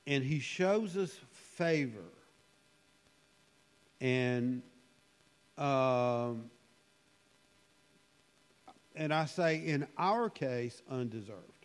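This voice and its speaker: A man preaching a conversational sermon in a church hall, musing and unhurried, with frequent fillers. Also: medium pitch, animated. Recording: long hall reverb.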